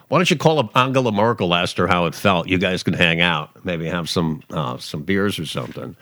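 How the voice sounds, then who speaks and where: A man's voice: sits low, moderate pace, dry recording. Sarcastic male commentary host, dry sound. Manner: sarcastic, animated, mocking voices with laughs. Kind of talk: casual political commentary.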